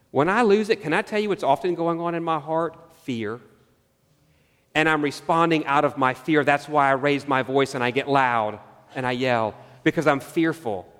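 Earnest male pastor preaching, voice a bit high, long hall reverb behind him. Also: expressive, a bit bright. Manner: earnest, asks the room questions, slows on key phrases. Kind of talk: sermon.

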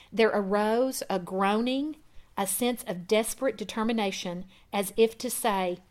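A woman reading a first-person testimony aloud in an earnest way, growing louder at dramatic moments. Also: medium pitch, unhurried. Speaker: reader.

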